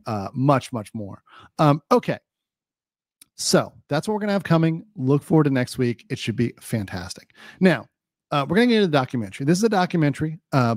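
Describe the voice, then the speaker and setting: A man's voice: mid-range voice, dry recording, clean studio sound. A man doing casual live-stream legal commentary, chatty with lots of fillers, reading viewer chat aloud and a little hiccupy. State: has the hiccups.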